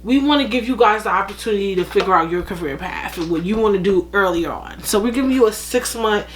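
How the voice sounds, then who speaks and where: A woman's voice: mid-range voice, lively intonation, fast talker, a little hiss or hum, lightly acted. A woman putting on the voice of a sugary, fake-polite TV show boss who talks in hesitant corporate phrases. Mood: falsely sweet.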